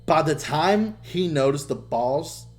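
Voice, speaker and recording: A young man co-hosting a podcast, telling stories in loose, casual chat. His voice sits fairly high, and he swears freely. He turns loud and lively whenever he acts out what other people said. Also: slow pace, faint music behind. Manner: animated, swears a lot, loud when quoting people. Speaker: podcast co-host.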